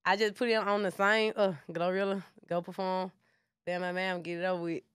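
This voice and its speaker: A woman's voice: fairly low pitch, level tone, fairly quick, a bit bright, smooth, dry recording, studio quality. A woman, a rapper chatting as an interview guest in a laid-back, slangy way. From Memphis, USA. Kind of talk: casual interview chat.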